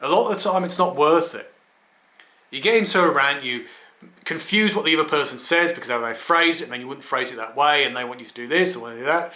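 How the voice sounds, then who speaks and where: Blunt English man with a bright edge. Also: on the high side, fast. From England. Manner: wry, blunt, swears, stammering restarts. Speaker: video blogger. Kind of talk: rambling solo monologue. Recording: echoey room.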